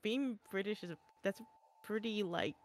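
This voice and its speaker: A woman's voice: medium pitch, moderate pace, a crowd in the background. A woman in casual chat with friends, rambling with laughs and casual swearing. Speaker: artist streamer chatting with friends.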